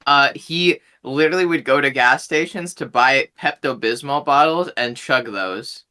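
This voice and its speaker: A man's voice: mid-range voice, normal speed, sharp tone. A man playing a tabletop game who tells a story in casual chat. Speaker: player.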